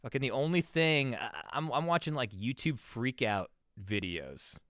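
A man's voice: medium pitch, lively intonation, normal speed, fairly bright tone, no echo, clean studio sound. A man hosting a solo podcast, rambling casually and swearing, often restarting and trailing off. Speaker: podcast host.

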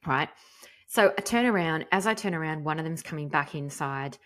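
Low-voiced chatty mum. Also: female voice, a little fast. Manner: chatty, frank, animated, swears mildly. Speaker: podcast host. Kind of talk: casual storytelling monologue.

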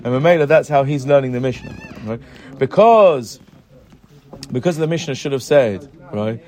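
A man teaching a Gemara class, explaining and checking with his students with frequent "right?" questions and halting restarts as he reads the text. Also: mid-range voice, lively intonation, darkish tone. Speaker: Talmud teacher. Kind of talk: Gemara class mixing English and Hebrew terms.

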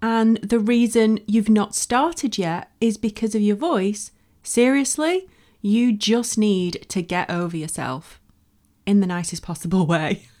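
A podcast host from Bolton, speaking with a Lancashire accent, delivers candid, emphatic encouragement on her solo advice show. Her voice is medium-pitched, a little slow and darkish in tone.

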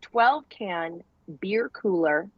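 A woman's voice: medium pitch, expressive, extremely slow, dry recording, lo-fi sound. A woman co-hosting a casual podcast, chatty, announcing upcoming track events with some fillers.

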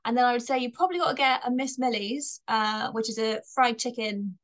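A woman's voice: on the high side, brisk, fairly bright tone. Chatty young woman, light Bristolian twang. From Bristol, England. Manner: chatty, laughs often. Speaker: comedian guest. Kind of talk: casual interview chat.

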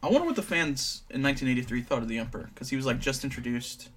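A young man chatting casually, recapping scenes in a relaxed, offhand way and tossing in quick asides. His voice sits at an average pitch for a man. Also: a little hiss or hum. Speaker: co-host. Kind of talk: casual chat.

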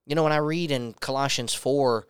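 A man's voice: medium pitch, moderate pace, smooth, dry recording, studio quality. A young man giving a personal testimony as a sermon, earnestly telling a story and acting out the dialogue in it. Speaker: preacher.

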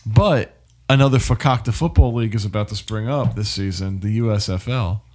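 A man's voice: fairly low pitch, a little fast, darkish tone. Laid-back swearing guy. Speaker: podcast co-host. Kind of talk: casual chat.

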